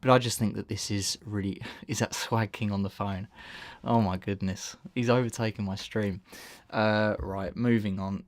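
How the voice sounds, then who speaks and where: Male stream host, lower voice, dry sound, loose and rambling delivery with a lot of laughing. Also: steady tone, normal speed, few pauses, dry recording. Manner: rambling, self-interrupting, laughs often. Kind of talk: casual live-stream chat.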